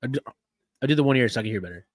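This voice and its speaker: A man hosts a casual live-stream chat, talking through whatever is on screen. He rambles and restarts his sentences, chuckling now and then, in a voice of ordinary pitch. His sound is dry and close, with no room around it. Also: animated, racing, no echo. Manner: rambling, restarts and "yeah, no" fillers, easy chuckles. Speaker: podcast host.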